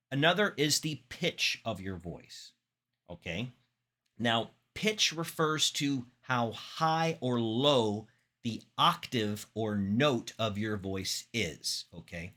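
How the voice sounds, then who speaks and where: A man teaching public speaking in an instructional talk, demonstrating vocal techniques with expressive examples. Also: on the low side, slow pace. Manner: demonstrates voices, animated and expressive.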